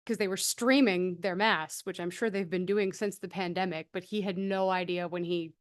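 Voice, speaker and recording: A woman panelist telling an animated, lively anecdote in casual conversation. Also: on the low side, normal speed. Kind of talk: casual storytelling.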